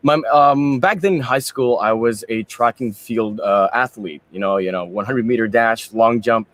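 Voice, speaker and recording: A man's voice: medium pitch, normal speed, fairly bright tone. A young man and pageant candidate, answering interview questions in a chatty, rambling way and mixing in Tagalog phrases. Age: young adult.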